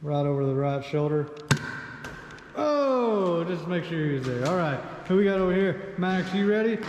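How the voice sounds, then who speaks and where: A man's voice: high-pitched, moderate pace, lo-fi sound, noisy background. A man, playfully narrating a family game with his kids, teasing and laughing. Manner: animated, laughing, teasing, calls out play-by-play. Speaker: dad vlogger. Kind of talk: playful family vlog chat. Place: home, indoors. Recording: echoey room with long reverb.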